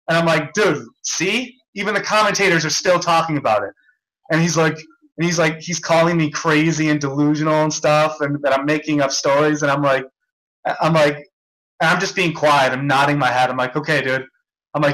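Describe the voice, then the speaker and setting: A man's voice: on the high side, fairly even intonation, moderate pace, fairly bright tone, rough recording. A young man hosting a podcast, telling a story in a casual, agitated rant full of restarts and repetition. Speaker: podcast host.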